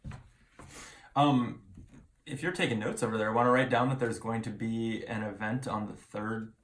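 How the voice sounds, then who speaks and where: Chatty board game player, middle pitch, quick to laugh. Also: steady tone.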